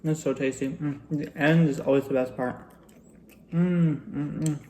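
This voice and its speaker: A man's voice: on the high side, fairly even intonation, a little slow, darkish tone. A man vlogging casually while eating, reflective and chatty, with plenty of fillers, over faint background noise.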